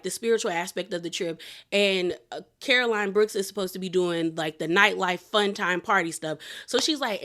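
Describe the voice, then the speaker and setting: A woman giving a casual, chatty recap of a reality show, acting out what the cast said in slangy quotes. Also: mid-range voice. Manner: chatty, animated quoting with slang.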